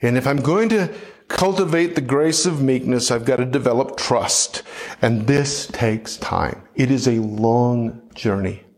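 Slow, reflective middle-aged male preacher, mid-pitched, measured sermon delivery. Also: darkish tone. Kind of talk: sermon teaching.

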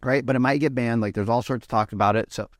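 A man giving a lively coaching talk to real estate agents, often checking in with "right?". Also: medium pitch, quick pace, no echo, studio quality. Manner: animated, peppers lines with "right?".

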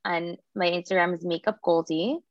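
A woman's voice: fairly low pitch, fairly even intonation, moderate pace, no echo, highs cut off. A woman guest in a podcast interview who owns a beauty school, talking casually and chattily. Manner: casual, chatty, many "like" fillers.

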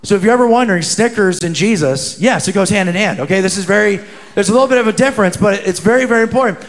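High-voiced, joking guest preacher, a man. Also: quick pace. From New Jersey. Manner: animated, joking, energetic. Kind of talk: sermon with humorous storytelling.

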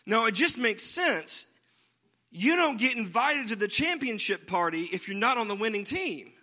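High, sharp-voiced male preacher. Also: very animated, moderate pace. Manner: conversational, frequent rhetorical "right?" checks with the listeners. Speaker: pastor. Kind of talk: sermon.

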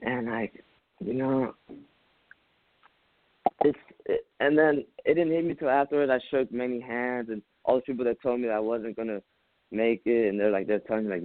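A man, a Marine veteran, telling a story as an interview guest, animated, acting out his own quotes and laughing often. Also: medium pitch, normal speed, long pauses, dry recording, phone-quality sound. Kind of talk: casual storytelling.

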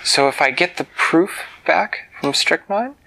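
A man's voice: fairly high pitch, animated, a little slow, gravelly, sharp tone, voice pushed up, heavily acted, low-quality recording. A man voicing a brave, curious little girl in a made-up bedtime story. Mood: eager.

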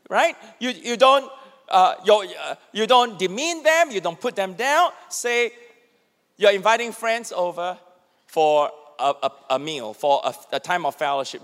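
A pastor with a high voice preaches a sermon in a large hall, animatedly acting out the lines he quotes.

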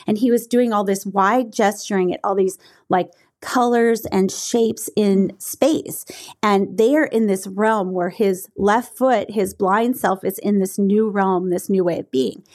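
A woman's voice: mid-range voice, a little slow, a little mellow. Middle-aged woman, podcast host, earnest storytelling, rambling with fillers. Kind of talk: personal storytelling in conversation.

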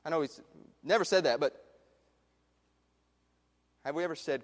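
A man preaching a sermon as pastor, passionate, rising to loud emphasis and dropping to hushed questions. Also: on the high side, moderate pace. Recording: long reverb of a large hall.

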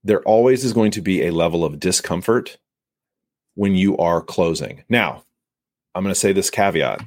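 Emphatic, low-voiced male sales coach. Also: normal speed, dry recording. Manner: emphatic, coaching, acts out buyer and seller lines. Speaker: sales podcast host. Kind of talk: solo podcast advice monologue.

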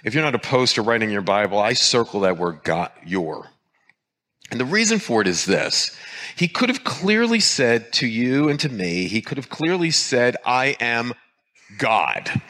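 A male pastor preaching a sermon with emphasis, repeating key phrases and slowing down to stress single words. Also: mid-range voice, sing-song, fairly bright tone.

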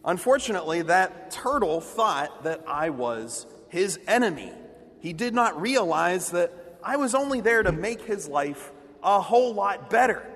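A male preacher gives an animated sermon in a high, lively voice with a husky grain. Long reverb lingers after each phrase. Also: a little slow. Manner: animated storytelling, expressive.

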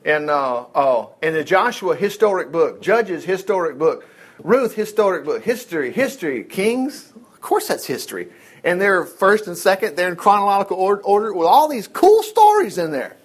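A man's voice: high-pitched, very animated, moderate pace. A man giving a casual Bible study, folksy and digressive, who slips into little acted asides.

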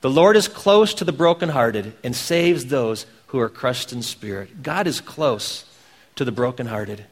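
A man's voice: medium pitch, animated, a little slow, long reverb tail. A man preaching a sermon as pastor, earnest, pressing his points with emphatic questions.

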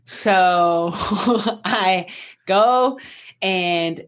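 A woman co-hosting a podcast, chatty and quick to laugh in casual conversation. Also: medium pitch. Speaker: podcast co-host. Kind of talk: casual chat.

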